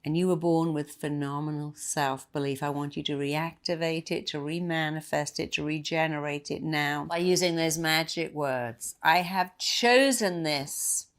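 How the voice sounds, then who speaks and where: A woman's voice: low-pitched, flat delivery, moderate pace, few pauses. A woman giving a motivational talk, emphatic and repeating key phrases for effect. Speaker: motivational speaker.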